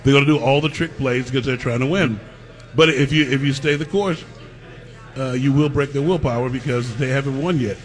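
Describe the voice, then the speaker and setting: A man's voice: mid-range voice, a little fast. A man co-hosting sports radio, giving confident football analysis. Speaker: radio co-host. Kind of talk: live sports radio talk.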